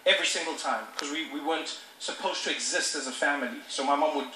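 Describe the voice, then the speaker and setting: A man from South Africa performing stand-up comedy, animated and acting out voices in a large theater before a live audience. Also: on the high side, quick pace, slight background noise. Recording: roomy, distant live stage sound.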